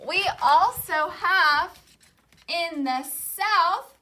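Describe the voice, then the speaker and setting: A woman teacher with a high, bright voice runs a call-and-response lesson. She speaks unhurriedly and says each term clearly so the class can echo it. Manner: says each word slowly and has the class repeat it.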